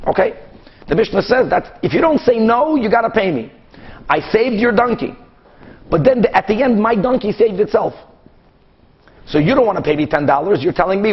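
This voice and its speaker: High-voiced animated rabbi teaching Talmud. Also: male voice, breathy edge, lo-fi sound. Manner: animated, acts out both sides of cases with quick back-and-forth. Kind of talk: Talmud class lecture.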